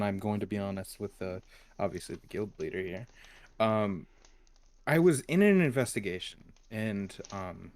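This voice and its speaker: Low-voiced man playing his character politely. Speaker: player. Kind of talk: tabletop role-play.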